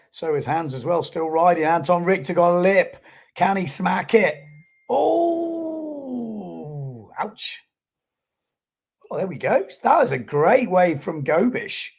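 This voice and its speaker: A man's voice: a little high, vocal fry, slightly rough. A man giving chatty live commentary on a sports stream and reading out viewer comments.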